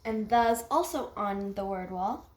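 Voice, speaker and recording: A young girl leading a kids' writing lesson, sounding out each word slowly and carefully. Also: medium pitch. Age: child. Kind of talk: classroom writing lesson for kids. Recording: echoey room, faint noise.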